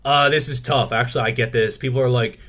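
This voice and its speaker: A man's voice: mid-range voice, fairly even intonation, quick pace, a bit bright. A man answering viewer questions in a casual Q&A, reading each one aloud and then replying frankly, swearing freely. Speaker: fitness YouTuber.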